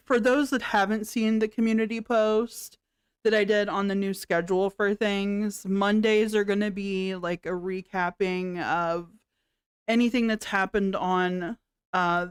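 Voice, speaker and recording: A woman's voice: medium pitch, clean tone, dry recording, studio quality. A woman hosting a livestream, giving sarcastic reaction commentary with frequent laughs and swearing.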